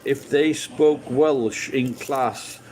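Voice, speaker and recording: A man's voice: mid-range voice, very slow, darkish tone, a little hiss or hum, rough recording. A British man hosting a live stream, chatting casually with viewers, rambling and swearing freely. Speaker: livestream host chatting with viewers.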